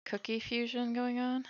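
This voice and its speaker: Chatty streamer woman with a gravelly edge. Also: medium pitch, sharp tone, no echo, muffled recording. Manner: chatty, thinks aloud while cooking. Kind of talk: casual livestream chat while baking.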